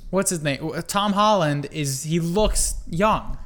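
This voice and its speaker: A young woman with a notably low voice co-hosts a casual podcast chat. She is blunt and jokey, swearing freely as she riffs. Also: takes it slowly. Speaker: podcast co-host.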